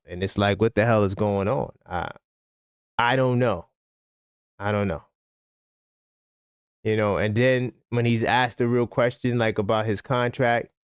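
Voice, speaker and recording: Male streamer riffing on sports, smooth voice, dry close sound, loose and animated. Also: mid-range voice, no echo. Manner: animated, conversational, frequent fillers. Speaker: sports talk livestream host. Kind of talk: casual live-stream commentary.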